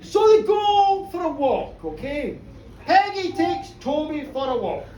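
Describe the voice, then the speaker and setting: A woman storyteller at a live pub show, chatty and lively, often checking in with her listeners. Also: high-pitched, unhurried, a crowd in the background. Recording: roomy pub from far off.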